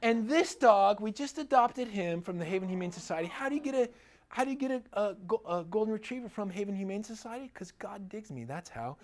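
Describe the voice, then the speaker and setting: Middle-aged man, chiropractor giving a relaxed seminar talk; animated, chatty storyteller who laughs easily. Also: high-pitched, brisk. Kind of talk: casual seminar talk with personal stories.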